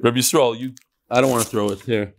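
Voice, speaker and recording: A man's voice: medium pitch, steady tone, fast, vocal fry. A man leading a daily Talmud class, joking and teasing back and forth with the people in the room. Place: classroom with a live audience.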